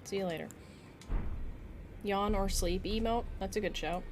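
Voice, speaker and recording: A woman's voice: medium pitch, fairly even intonation, normal speed, music in the background. Playful woman chatting while gaming. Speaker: streamer. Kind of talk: casual gaming stream chat.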